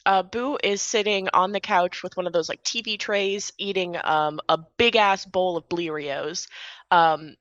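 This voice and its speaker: Bright-voiced woman game master. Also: lowish voice, measured pace, no room sound. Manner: casual, filler-heavy, giggly. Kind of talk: narrating a tabletop game. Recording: dull muffled sound, dry.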